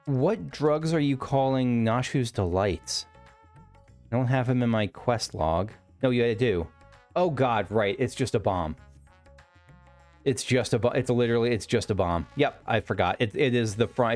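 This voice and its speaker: A man's voice: mid-range voice, moderate pace, darkish tone, soft background music. A man casually commentating while playing a game, chatty and amused, thinking aloud. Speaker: let's play host.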